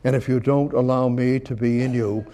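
A man preaching a sermon who teaches conversationally, repeats his phrases, and swings from loud emphasis to quiet asides. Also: mid-range voice, steady tone, normal speed.

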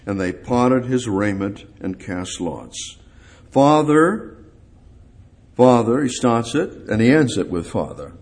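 A male preacher delivering a sermon at an unhurried pace. His pitch moves a lot as he swells on key words and falls away again. He repeats short phrases over and over to drive them home. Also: lively intonation, darkish tone. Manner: halting, repeats phrases for emphasis; rises and swells on key words, then drops low.

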